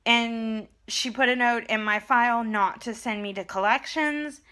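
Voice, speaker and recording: A young woman chatting casually to her camera in a vlog, telling a story in an animated way. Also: fairly high pitch, unhurried, smooth. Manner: animated storytelling, retelling conversations. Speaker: vlogger. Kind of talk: casual chat.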